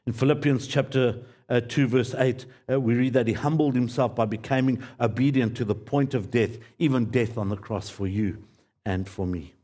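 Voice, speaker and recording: A man preaching a sermon as pastor, earnest and pleading, repeating key phrases and dropping to quiet, low endings. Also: steady tone, normal speed.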